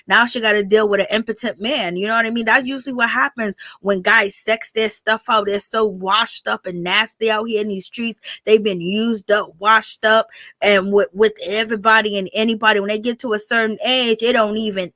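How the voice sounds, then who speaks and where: A woman's voice: medium pitch, normal speed, pushed and bright, no room sound. A woman giving a casual gossip commentary as a reality TV recap vlogger, chatty and slangy, laughing often.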